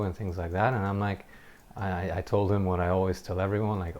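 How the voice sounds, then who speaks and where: A man with a fairly low voice chats over gameplay footage, sharing a personal story. He sounds earnest and reflective, and he often breaks off to restart a sentence. Now and then he lets out a short laugh. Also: little pitch movement, a little fast, a little mellow. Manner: occasional short laughs while telling a story. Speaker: gameplay commentator.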